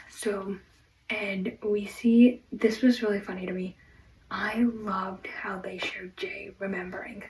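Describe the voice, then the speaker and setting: A woman delivering an excited, rambling fan rant, full of fillers, on a personal mic. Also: mid-range voice, recorded from a distance, slight background noise, low-quality recording. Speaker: fan vlogger.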